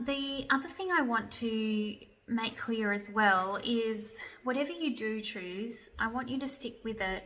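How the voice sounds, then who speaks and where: A woman's voice: medium pitch, pushed and bright. A young adult woman, a literacy educator patiently explaining a classroom activity step by step with examples. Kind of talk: instructional video demonstration. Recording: echoey room, voice from a distance, faint noise.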